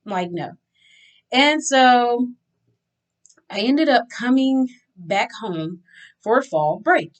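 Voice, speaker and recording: A woman recounting a personal story straight to her viewers, chatty and unhurried. She drops into the voices of the people in her story as she tells it. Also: a little high. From Louisiana. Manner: chatty, animated retelling with acted-out dialogue. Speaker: vlogger. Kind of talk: candid storytelling to camera.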